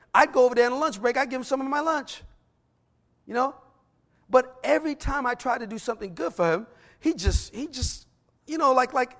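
A middle-aged man preaching a sermon, who reads scripture slowly and then tells personal stories with energy. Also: very high-pitched, fairly bright tone.

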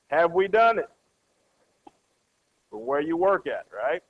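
A man's voice: fairly high pitch, big pitch swings, extremely slow, long pauses. A man preaching a conversational sermon to a congregation, often checking in with "right?" and acting out everyday characters. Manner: acts out everyday characters with a changed voice. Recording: dull lo-fi sound.

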